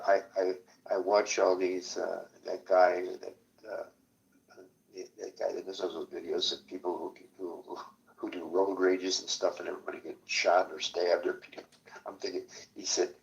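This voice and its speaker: Man, very deep gravelly voice, meandering halting talk, distant mic, faint noise behind. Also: fairly bright tone. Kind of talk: casual chat.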